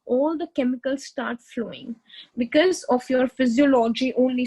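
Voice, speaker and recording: A woman with a notably high voice delivers a motivational self-help talk. She explains earnestly, circling back to repeat key words for emphasis. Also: poor audio. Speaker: motivational speaker.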